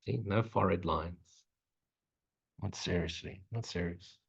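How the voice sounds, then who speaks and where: A low-voiced man gives a spiritual Q&A talk in a blunt, profane, joking way. The recording is dull and lo-fi. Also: measured pace, vocal fry, husky. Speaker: spiritual teacher. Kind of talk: casual Q&A talk. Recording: muffled, lo-fi recording.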